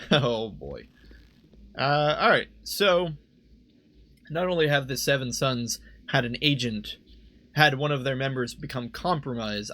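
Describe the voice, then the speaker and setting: A man's voice: medium pitch, bright, forceful tone. A young man giving casual, rambling commentary while playing a game at a desk microphone, second-guessing himself aloud. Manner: rambling, self-questioning, laughs easily. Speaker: let's play host.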